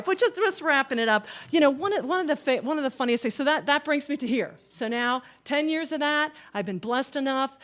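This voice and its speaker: A middle-aged woman giving an animated, folksy talk to a Christian gathering, with lots of "okay?" asides. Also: a little high. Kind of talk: storytelling talk.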